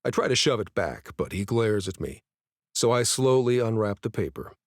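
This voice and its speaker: A male narrator reading a first-person romance audiobook in a measured, even way. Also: lowish voice, no echo, studio quality.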